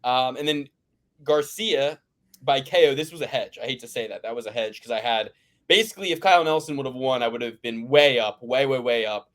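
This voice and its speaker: A podcast host from the Philadelphia area talks a little fast in a medium-pitched, fairly bright voice during a casual sports betting chat. He goes on profane, rambling rants and keeps restarting.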